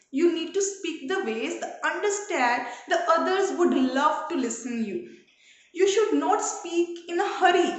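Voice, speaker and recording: A woman with an Indian English accent giving an English lesson, explaining slowly and repeating examples. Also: high-pitched, very echoey. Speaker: English teacher. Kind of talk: classroom lecture.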